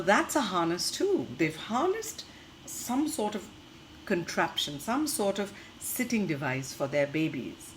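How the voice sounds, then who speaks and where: A young woman teacher, reading a story to children and explaining it in a gentle, questioning manner. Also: fairly low pitch, a little hiss or hum, poor audio.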